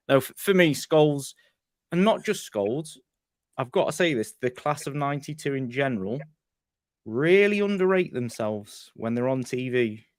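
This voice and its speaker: A man's voice: mid-range voice, no room sound, clean studio sound. A man from England on a football fan show, talking in a blunt, heated, sweary way. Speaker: podcast panelist. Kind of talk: casual football chat.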